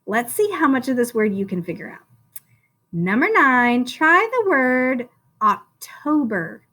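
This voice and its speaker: Woman teacher doing phonics for little kids, slow and drawn out, bouncy up and down voice. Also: high voice, sing-song, pushed and bright. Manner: slow, drawn-out sounding out of words; encouraging, sing-song teacher talk. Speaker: first-grade teacher. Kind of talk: phonics lesson for young children.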